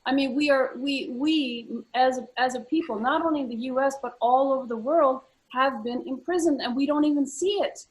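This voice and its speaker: A woman's voice: high voice, moderate pace, hardly any pauses, rough recording. A woman co-hosting a casual talk show, speaking earnestly with frequent fillers and repeated words. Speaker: co-host. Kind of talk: casual conversational chat.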